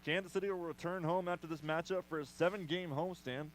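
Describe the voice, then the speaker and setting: A man doing play-by-play commentary for a baseball radio broadcast, brisk with playful asides. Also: fairly high pitch, steady tone, slight background noise, rough recording. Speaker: play-by-play announcer.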